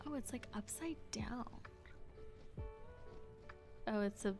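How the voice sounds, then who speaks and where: A woman's voice: medium pitch, very slow, long pauses, over music. A woman live streamer chatting casually with her viewers in a bubbly, chatty way, full of fillers, sometimes dropping to near whispers.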